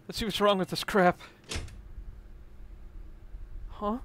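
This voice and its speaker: High-voiced man reading game dialogue. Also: fairly even intonation, brisk, a bit bright, a little hiss or hum. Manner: dramatic, swears a lot when reading lines. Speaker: let's play co-host. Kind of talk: reading game dialogue aloud, casual commentary.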